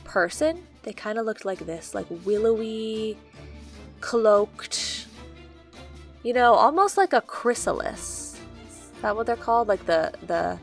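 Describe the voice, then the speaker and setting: A woman hosting a gaming video, casually retelling her playthrough in a rambling, playful way, often hunting for words. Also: mid-range voice. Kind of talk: casual story retelling of a game.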